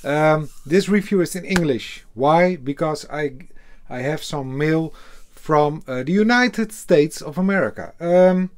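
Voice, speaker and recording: A man with a Dutch accent, a native Dutch speaker, chatting casually in an unboxing video, halting often with fillers and cursing offhand. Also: on the high side. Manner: hesitant, halting, full of fillers, casually swearing. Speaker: beer reviewer.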